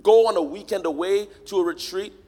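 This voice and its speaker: A man preaching a sermon to a church congregation, swinging from quiet, close talk to loud, shouted call-and-response. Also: high-pitched, fairly quick. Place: large church hall. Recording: long hall reverb.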